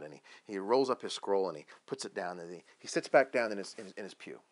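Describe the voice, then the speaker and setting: A man preaching a sermon as pastor, telling a Bible story with lively questions and acted-out lines. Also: deep voice, quick pace, hardly any pauses. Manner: animated storytelling, acting out biblical voices with questions.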